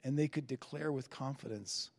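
A man preaching a sermon earnestly, lifting his voice on key phrases and easing into soft endings. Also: medium pitch, moderate pace, vocal fry, big-room sound. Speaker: pastor.

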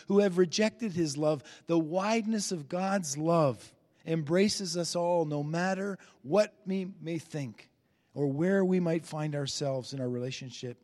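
A man preaching a sermon earnestly, lifting his voice on key phrases and easing into soft endings. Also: fairly high pitch, in a large hall. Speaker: pastor.

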